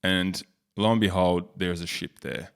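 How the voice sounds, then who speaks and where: A man's voice: low voice, steady tone, measured pace, creaky, smooth. A man with an Australian accent giving casual, rambling, joking commentary while browsing a map on screen. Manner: joking, rambling, self-mocking. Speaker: YouTube host.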